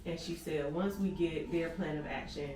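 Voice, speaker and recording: A woman vlogger, telling a lively story in casual chat and acting out each conversation. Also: low voice, normal speed. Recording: echoey room, far from the mic, music behind.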